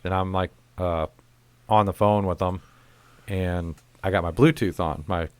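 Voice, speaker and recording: A man hosting a casual chat, telling stories in an animated, profane way. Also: low voice, unhurried, clean tone, no room sound. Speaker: podcast host.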